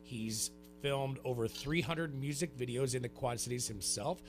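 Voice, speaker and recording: A man's voice: medium pitch, normal speed, music in the background. Easygoing male radio co-host. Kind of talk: casual radio chat.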